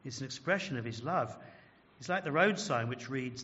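A man's voice: mid-range voice, animated, moderate pace, fairly bright tone, big-room sound, muffled recording. A man preaching a sermon as pastor, earnest and emphatic, often asking the congregation questions. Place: large church.

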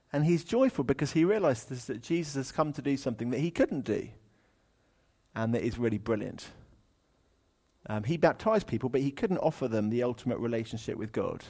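Chatty preacher giving a sermon. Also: male voice, mid-range voice. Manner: chatty, humorous, animated when reading aloud.

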